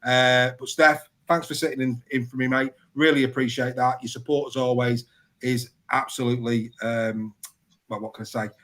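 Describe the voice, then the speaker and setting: A man's voice: mid-range voice, level tone, moderate pace, a bit bright. A man hosting a sports podcast, wrapping up the show in a chatty, casual way and often repeating himself. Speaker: podcast host. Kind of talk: casual live show sign-off.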